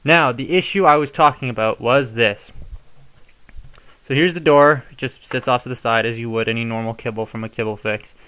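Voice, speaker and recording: A man's voice: medium pitch, normal speed, pushed and bright, clean tone. A young man casually showing how to modify a toy, chatty and given to rambling asides. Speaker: toy reviewer. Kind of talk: casual hands-on tutorial.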